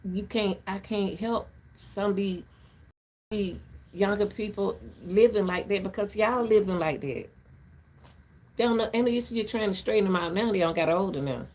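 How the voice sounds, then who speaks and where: An older woman talks straight to her viewers from an outdoor back porch. Her voice sits at an ordinary middle pitch, and she rambles bluntly from point to point. She laughs easily along the way. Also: moderate pace, darkish tone. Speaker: vlogger. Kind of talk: casual rant to viewers.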